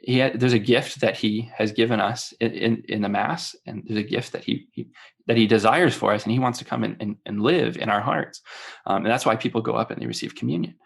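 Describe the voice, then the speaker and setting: A man's voice: mid-range voice, a little fast, creaky, breathy edge. A man in his thirties, a father and podcast guest, speaking earnestly and hesitantly with many fillers. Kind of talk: casual podcast conversation.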